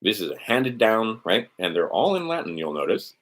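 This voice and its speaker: A middle-aged man with a low, deep voice talks into a desk mic, rambling through a document with sardonic asides. His delivery is loose and casual, broken by restarts and the odd curse. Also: sing-song, normal speed, a bit bright. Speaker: host of a legal maxims stream. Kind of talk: casual screen-share talk.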